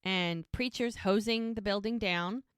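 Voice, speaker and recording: A woman's voice: mid-range voice, measured pace, clean tone, no echo, studio quality. Chatty woman recapping a show. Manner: animated storytelling. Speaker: podcast co-host. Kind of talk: casual episode recap.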